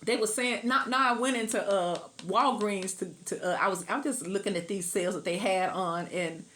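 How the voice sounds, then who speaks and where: A woman's voice: medium pitch, moderate pace, fairly bright tone. A middle-aged woman giving a casual tarot reading to camera, chatty, laughing often and sometimes breaking into song. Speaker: tarot reader.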